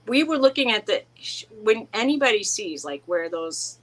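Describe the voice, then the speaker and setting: A woman's voice: medium pitch, big pitch swings, moderate pace, fairly bright tone, poor audio. A middle-aged woman co-hosts a casual chat and rambles through stories about her husband and home. She restarts sentences often and laughs along the way. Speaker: co-host.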